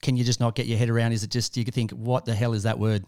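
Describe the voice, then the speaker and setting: Smooth-voiced Australian radio host. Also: male voice, medium pitch, flat delivery, fast, a little mellow. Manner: upbeat, chatty, friendly banter. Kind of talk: sports talk radio.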